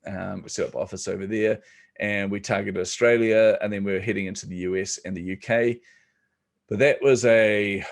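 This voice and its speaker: A middle-aged man, a podcast guest telling his business story in a relaxed, joking way. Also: lowish voice. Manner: relaxed, joking, many ums. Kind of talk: casual storytelling interview.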